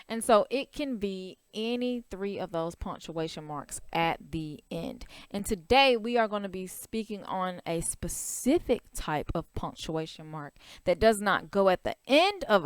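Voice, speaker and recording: A woman's voice: mid-range voice, lively intonation, moderate pace, clean tone, no echo. A woman teacher explaining a writing lesson to young children, in short simple steps and with frequent checks that they follow. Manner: patient, simple explanations with repeated checks like "right?" and "okay?". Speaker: elementary school teacher.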